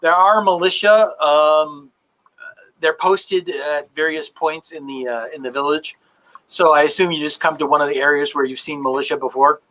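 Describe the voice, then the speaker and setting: A male game master narrating a tabletop game in a loose, relaxed way, full of fillers. His voice is bright and a touch high, and he moves easily between questions to the players and description. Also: moderate pace, poor audio.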